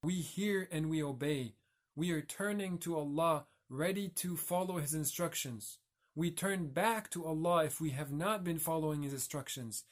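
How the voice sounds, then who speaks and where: A man giving a reflective religious talk as a teacher, explaining and carefully pronouncing Arabic terms. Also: a little high.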